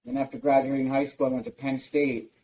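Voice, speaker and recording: A man's voice: medium pitch, little pitch movement, brisk, mellow, rough recording. A man in his forties from New Jersey, a guest telling loose stories full of fillers and swearing in a casual interview. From United States, New Jersey. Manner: loose, profane storytelling with many fillers.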